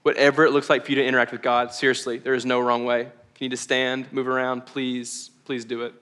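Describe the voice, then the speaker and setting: A man's voice: medium pitch, little pitch movement, fast talker, a bit bright, smooth. A young man preaching a casual, candid sermon, often laughing at himself. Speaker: pastor. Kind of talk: conversational sermon.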